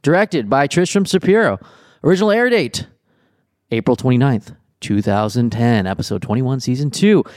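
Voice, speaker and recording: A man's voice: medium pitch, animated, normal speed, darkish tone, dry recording, clean studio sound. A man co-hosting a podcast in casual chat, friendly as he runs through the episode details. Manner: friendly, runs the rundown, some restarts. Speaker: podcast co-host.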